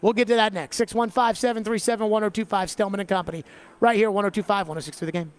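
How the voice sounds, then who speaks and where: A man hosting a sports talk radio show, talking in an animated, chatty way. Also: high voice, fast talker, clean tone. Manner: animated, slips into an exaggerated Southern drawl for bits. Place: radio studio.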